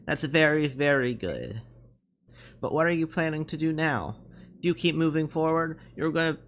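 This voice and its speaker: A woman putting on the tired voice of an older male army captain, calm and fatherly. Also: low-pitched, a little hiss or hum, voice pushed up. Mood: grave. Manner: tired, measured. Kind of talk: reading game dialogue aloud.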